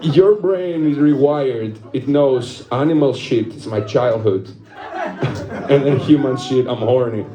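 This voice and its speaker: A man's voice: medium pitch, slow, reverberant. A young man performing a stand-up comedy set, telling a rambling story, laughing at his own jokes and swearing casually.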